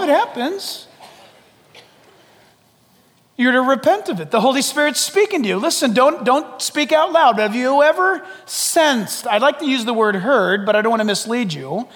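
A man preaching a sermon to a congregation, dramatic and animated, jumping from loud exclamations to hushed near-whispers and acting out quoted voices. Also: very high voice. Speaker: pastor. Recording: long hall reverb.

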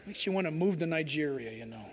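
A pastor preaches with passion in a high, lively voice at a quick pace, his words ringing with echoey hall reverb and a little hiss or hum. He acts out the voices of the people in his story.

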